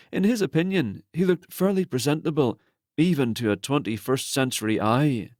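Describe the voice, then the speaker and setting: A man narrating a romance novel in a steady, measured storytelling manner on a close studio mic. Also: mid-range voice, dry recording. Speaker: audiobook narrator.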